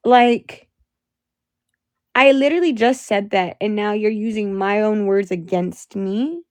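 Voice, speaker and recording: A woman's voice: mid-range voice, measured pace, dry recording, clean studio sound. A young woman livestreaming from her phone, venting angrily and with a lot of profanity. She talks to her chat and sounds exhausted.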